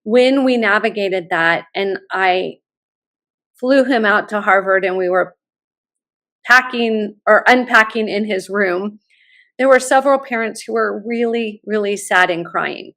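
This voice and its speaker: A middle-aged woman, a college admissions consultant, telling stories with lively enthusiasm as a podcast guest. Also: mid-range voice, measured pace. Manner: animated, enthusiastic storyteller. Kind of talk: podcast interview, personal storytelling.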